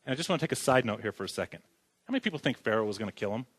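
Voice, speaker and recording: A man's voice: on the low side, animated, rapid-fire, fairly bright tone. A man preaching a sermon in a church who keeps asking the congregation questions and joking as he goes. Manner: asks the congregation questions, jokes as he talks. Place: church sanctuary.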